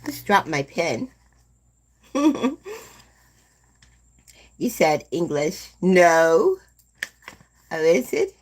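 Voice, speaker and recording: A woman in her seventies hosting a live stream, chatting slowly and gently with viewers and calling them "my dear love.". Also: on the low side, sing-song. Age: 70s. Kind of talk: casual chat with live viewers.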